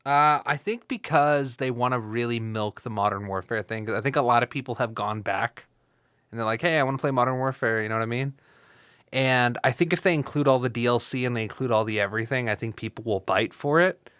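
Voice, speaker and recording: Tired young dude on a late night gaming podcast, swears a lot, bright voice, super dry. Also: male voice, medium pitch, brisk, smooth, no room sound. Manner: rambling, profane, joking. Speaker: podcast co-host. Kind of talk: casual chat.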